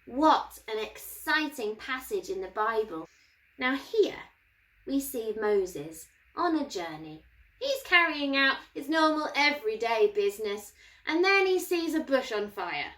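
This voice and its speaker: Lively woman teaching a kids' Bible lesson. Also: a little high, a little slow, low-quality recording. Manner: animated, playful, encouraging. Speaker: church children's course presenter.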